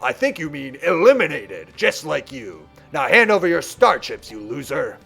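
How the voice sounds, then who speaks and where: A man's voice: fairly high pitch, big pitch swings, moderate pace, gravelly, fairly bright tone, breathy edge, faint music behind, exaggerated voice. A man putting on a mean gloating duel bully. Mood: taunting. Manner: taunting, gloating. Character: mean hulking male tournament bully.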